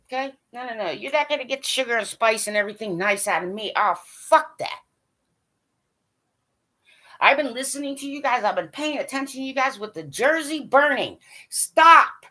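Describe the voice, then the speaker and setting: A woman vlogger gives a scolding rant to camera, blunt and full of profanity. Her voice is high-pitched and bright, with a forceful edge. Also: expressive, moderate pace. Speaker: hockey fan vlogger. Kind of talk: ranting monologue to camera.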